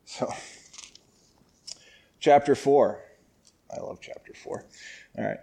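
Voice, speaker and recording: A man's voice: medium pitch, slow, vocal fry, mellow, slightly rough. A man teaching a Bible passage in a casual, joking way, often laughing and acting out lines in a raised voice. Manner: jokey and conversational.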